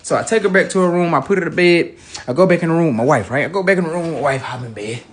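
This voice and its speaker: A man telling a funny family story in a casual, animated way, sometimes dropping into low mumbled asides. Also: racing.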